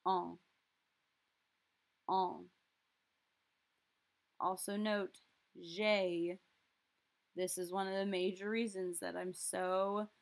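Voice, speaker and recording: A woman teaches a recorded French lesson, explaining things step by step and slowly repeating example phrases. Her voice is mid-range with vocal fry.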